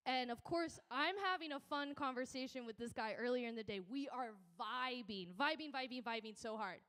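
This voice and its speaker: A woman's voice: on the high side, moderate pace, a bit bright, smooth. Rambling woman comic on stage. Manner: rambling, self-interrupting storytelling. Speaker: stand-up comedian. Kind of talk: stand-up set. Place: comedy club stage.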